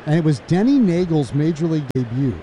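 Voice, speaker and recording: A man's voice: fairly high pitch, fast talker, slight background noise. Man calling baseball play-by-play. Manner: chatty, laughs between calls, gets loud and excited on big plays. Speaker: play-by-play announcer.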